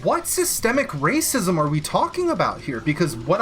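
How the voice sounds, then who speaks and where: A man's voice: high voice, wildly swooping pitch, normal speed, hardly any pauses, fairly bright tone, soft background music. A young American man ranting profanely on a political commentary stream. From United States.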